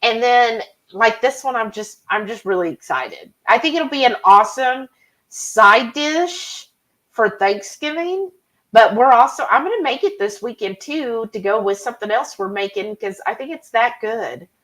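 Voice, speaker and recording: A woman chats away on a live cooking stream, rambling happily from one topic to the next. Her voice sits on the high side and swoops around with plenty of lilt. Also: animated, normal speed, fairly bright tone, poor audio. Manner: chatty, rambling, reads chat comments aloud. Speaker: cooking channel host. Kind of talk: casual live-stream chat.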